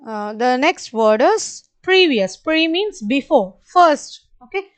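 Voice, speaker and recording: A woman teaching children a spelling lesson in Indian English, slowly and patiently spelling out each word letter by letter and repeating it. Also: high-pitched, sing-song. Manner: slow, spells words letter by letter and repeats them; kind, patient, addresses kids directly. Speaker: primary school teacher.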